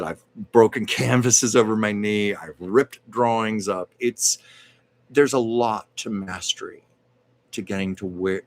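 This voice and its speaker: Lowish-voiced man hosting a live card reading. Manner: measured and reassuring, with frequent hesitations. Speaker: live stream host giving card readings. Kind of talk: casual live stream chat.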